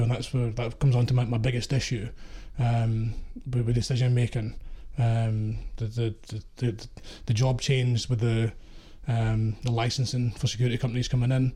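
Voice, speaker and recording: A man's voice: mid-range voice, fairly even intonation, normal speed, warm tone. A middle-aged man from Scotland with an East Coast Scottish accent, a former security contractor telling blunt, sweary war stories in casual chat. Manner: blunt, sweary storytelling with laughs.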